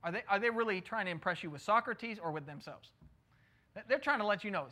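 A man's voice: high voice, expressive, fast talker, bright, forceful tone. A middle-aged man preaching a sermon in a conversational way, often asking his listeners rhetorical questions. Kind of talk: sermon, Bible teaching.

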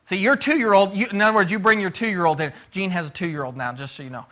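A man's voice: high-pitched, fast, sharp tone. A middle-aged man teaching a casual Bible class lesson, talking conversationally and putting questions to the class.

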